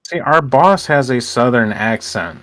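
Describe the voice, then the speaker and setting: A man's voice: medium pitch, expressive, measured pace, a bit bright. A young man from Illinois rambling through a casual gaming chat, hesitating with lots of fillers. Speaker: gamer host.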